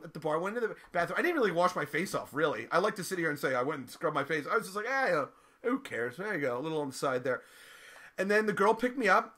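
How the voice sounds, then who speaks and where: Animated, bright-voiced man storyteller. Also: high voice. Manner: animated, laughing often, profane. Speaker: comedian telling a story. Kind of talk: raunchy storytelling monologue.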